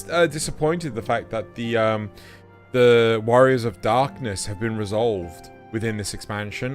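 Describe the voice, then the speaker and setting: A man hosting a casual gaming session, talking in a rambling way with many fillers. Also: on the low side. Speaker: let's play host.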